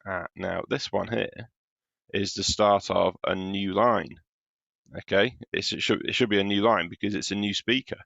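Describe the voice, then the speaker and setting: Deep gravelly-voiced male teacher. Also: fairly even intonation, moderate pace, a bit bright, dry recording, lo-fi sound. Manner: patient, explains step by step while marking his own writing. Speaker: primary school teacher. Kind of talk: recorded home-learning lesson. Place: home.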